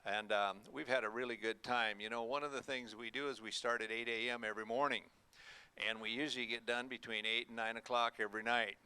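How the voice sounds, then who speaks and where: A man addresses an audience at a hotel event, speaking folksily and pausing often on fillers. His voice is bright and forward, and his diction is clean and clear. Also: medium pitch, fairly even intonation. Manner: folksy, halting with many fillers. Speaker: auction school owner. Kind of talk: speech to an audience.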